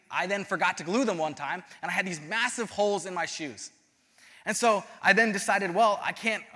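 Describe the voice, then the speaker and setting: Bright high young man preaching in a hall. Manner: storytelling, animated, self-deprecating. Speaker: youth pastor. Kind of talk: sermon.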